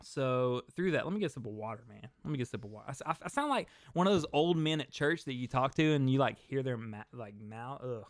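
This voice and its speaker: A man's voice: medium pitch, lively intonation, fast talker, hardly any pauses, no echo, studio quality. A young man hosting a casual livestream, chatting and rambling to his viewers. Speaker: host.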